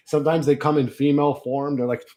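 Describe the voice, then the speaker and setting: A man's voice: fairly high pitch, steady tone, normal speed, dark tone. A man streaming casual chat with viewers, talking in a crude, profane way and laughing often.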